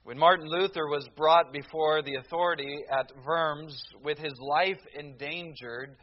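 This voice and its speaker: Slow, deliberate preacher man. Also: on the high side, lo-fi sound. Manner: deliberate, repeats each phrase. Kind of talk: sermon.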